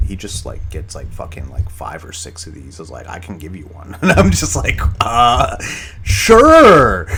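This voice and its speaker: Man, deep voice, slow drawl, rambling podcast host, lots of ums and uhs, swears often. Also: slight background noise. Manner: rambling, many fillers and restarts, swears often. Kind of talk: casual solo podcast talk.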